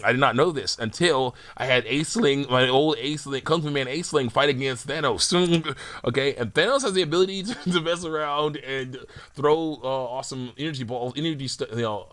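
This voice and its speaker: A man's voice: mid-range voice, moderate pace, a bit bright, dry recording. A young man casually rambling about the game characters he makes, laughing often and restarting his sentences. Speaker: hobbyist game-character maker.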